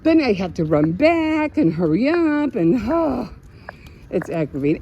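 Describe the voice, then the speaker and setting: A woman's voice: mid-range voice, measured pace. An older woman vlogging in a casual, rambling way, telling stories and often laughing. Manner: chatty storyteller who laughs often. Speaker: craft vlogger. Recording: dull lo-fi sound with steady noise.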